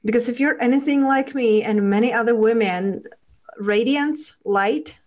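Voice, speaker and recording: Gentle woman podcast host. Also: a little high. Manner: gentle, soothing, slow when guiding. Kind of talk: interview with guided visualization.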